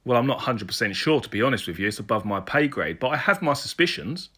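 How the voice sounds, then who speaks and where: Man playing a Welsh police sergeant, Welsh accent, blunt, teasing, bright tone. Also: medium pitch, sing-song, fast talker. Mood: joking. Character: Welsh male police sergeant, jokey and crude.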